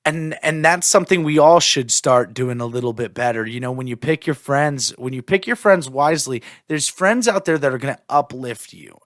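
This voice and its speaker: A man hosting a solo podcast and talking about his life in an animated, profane, rambling way, often restarting his sentences. He is a stand-up comic. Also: medium pitch, moderate pace, hardly any pauses, no room sound, studio quality. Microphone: podcast mic.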